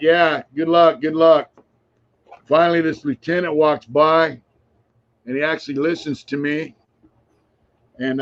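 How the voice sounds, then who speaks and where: A roughly sixty-year-old man with a slightly high, a bit bright voice guests on a podcast, rambling through long, frank, casual stories with many fillers and the odd curse word. The sound is lo-fi.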